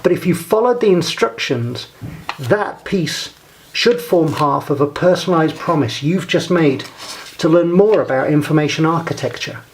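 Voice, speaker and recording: A man with a slightly raised voice gives a scripted lesson. He speaks in a measured, deliberate way and guides the listener through each step. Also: fairly high pitch, lively intonation, a little hiss or hum. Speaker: presenter. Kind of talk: scripted instructional talk.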